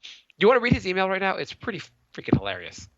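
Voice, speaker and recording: Talking very fast in a voice that sits high, the man in his thirties rambles animatedly as a podcast co-host, stumbling through many restarts and stammers in casual chat. It's a dull, dry, lo-fi recording.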